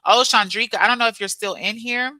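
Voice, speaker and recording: Bright, animated woman livestreamer. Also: a little high, fast, no room sound. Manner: animated and preachy, repeats "I'm telling you". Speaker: livestream host reading chat. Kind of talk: casual motivational livestream talk.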